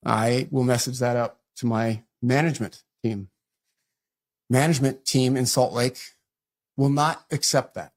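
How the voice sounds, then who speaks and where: A middle-aged man appearing as a guest on an interview show recounts a story quickly and conversationally, acting out the things people said to him. His voice is medium in pitch.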